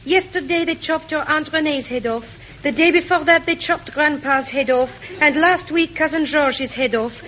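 An actress playing a melodramatic young marquise, gasping and pleading. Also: female voice, high-pitched, moderate pace, hardly any pauses, fairly bright tone. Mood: anxious. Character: melodramatic young French marquise, a new wife. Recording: muffled old broadcast, hiss, audience laughter.

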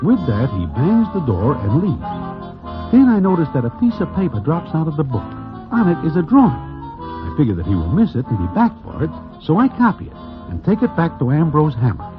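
A man's voice: on the high side, huge pitch swings, normal speed, dull audio, over music. A man playing a streetwise Broadway narrator in an old radio drama, speaking in a formal present tense with no contractions. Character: wry male Broadway storyteller, streetwise, dry. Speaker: narrator and lead character. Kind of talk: 1940s radio acting.

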